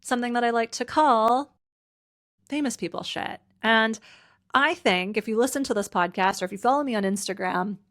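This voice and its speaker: A Canadian woman who works as a personal brand coach hosts a casual solo podcast, her voice a little high, bright, and moderately paced. She sounds tired and a bit teary, chatting away with plenty of "like" fillers and laughing through her tears.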